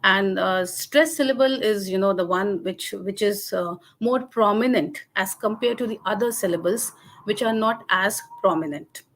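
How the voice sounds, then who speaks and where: A woman's voice: mid-range voice, moderate pace. Woman lecturing with many fillers. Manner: hesitant, many fillers and restarts. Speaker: webinar lecturer. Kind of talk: academic lecture.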